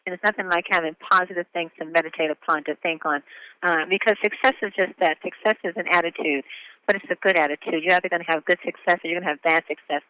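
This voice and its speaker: A man's voice: sits high, steady tone, fast, clean tone, no room sound. A man hosting a motivational conference call, upbeat and encouraging in a sermon-like way. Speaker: host. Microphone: phone. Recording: phone line.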